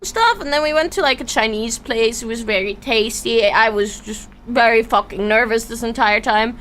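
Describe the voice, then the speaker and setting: High-voiced woman streamer, stammering and swearing. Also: normal speed, fairly bright tone, slight background noise. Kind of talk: casual storytelling to a live chat.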